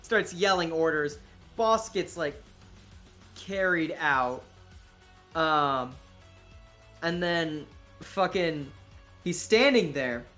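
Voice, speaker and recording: Slow, swearing tabletop game master. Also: mid-range voice, lively intonation, a bit bright, soft background music. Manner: casual, profane, rambling.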